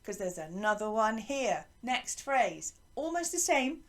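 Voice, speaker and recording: A woman's voice: on the high side, big pitch swings, a little slow. A woman teaching a singing lesson to schoolchildren, explaining each step patiently and encouragingly.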